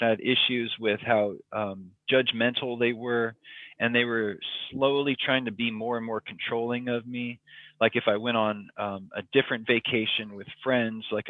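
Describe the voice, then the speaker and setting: A man tells his own story as a podcast guest, casual and rambling, with many ums and likes. His voice sits at an ordinary middle pitch. It comes through a tinny, phone-like line with a dry, close sound. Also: dry recording.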